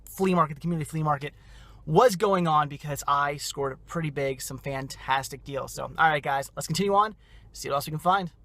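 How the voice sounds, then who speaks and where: A man's voice: on the high side, a bit bright. A young man hosting a casual vlog outdoors at a yard sale, enthusiastic and rambling, often correcting himself. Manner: enthusiastic, repeats "very cool" and "awesome". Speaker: vlog host.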